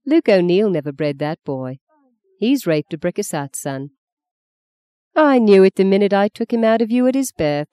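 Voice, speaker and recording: A woman's voice: medium pitch, sing-song, normal speed, warm tone, clear, resonant tone, no echo, voice pushed up, natural voice. A woman reading the part of an older mother who speaks bluntly, with grim, knowing irony. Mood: ironic. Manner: dry, knowing, pointed.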